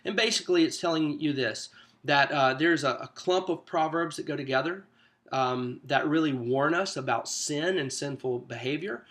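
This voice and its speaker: A man giving a conversational teacher training lesson, animated and full of rhetorical questions. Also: on the high side, normal speed. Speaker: small group teaching coach. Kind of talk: teacher training talk to camera.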